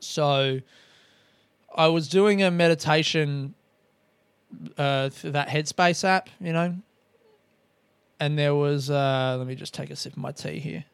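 A man's voice: on the high side, a little slow, vocal fry, pauses often, smooth, no room sound. A man talking in a casual, rambling monologue on a podcast, swearing often and mocking himself. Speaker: comedian podcast host.

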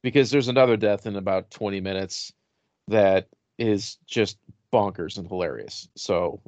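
A man co-hosting a podcast, chatting casually about a movie with wry, deadpan jokes. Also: fairly low pitch, normal speed, no echo, lo-fi sound. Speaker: podcast co-host.

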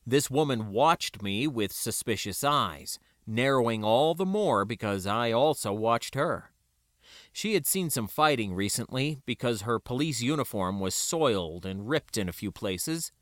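A man narrating a first-person story aloud in an expressive reading. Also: mid-range voice, unhurried, no room sound, clean studio sound. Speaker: audiobook narrator.

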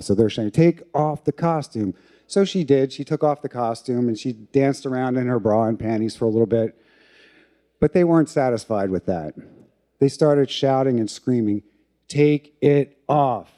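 A middle-aged man tells a personal story to an audience. His voice is deep in tone, very dark and mellow. He talks candidly and pokes fun at himself. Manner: candid, self-mocking, with laughs.

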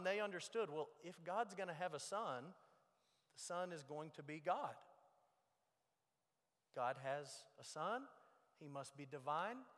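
A man preaching a sermon as pastor, moving between loud emphasis and hushed low lines. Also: expressive, unhurried, long pauses. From United States. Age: young adult or middle-aged. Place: church sanctuary. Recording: long reverb of a large hall.

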